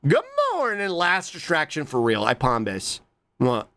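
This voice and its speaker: Casual live streamer, unhurried and lively in pitch, swears easily, thanks viewers, jumps to squeals. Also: vocal fry. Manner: playful, swears casually, reads chat aloud and thanks viewers; jumps to squeaky high exclamations. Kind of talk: casual live-stream chat reacting to clips.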